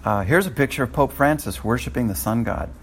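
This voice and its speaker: A man's voice: medium pitch, fairly quick, a little hiss or hum. An older man teaching a Bible study in a conversational way, often restarting his sentences.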